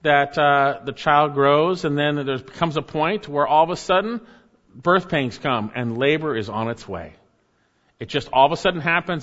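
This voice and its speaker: A man preaching a sermon with earnest emphasis, often dropping his voice low and soft to stress a point. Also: moderate pace. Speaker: pastor. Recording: dull sound with long hall reverb.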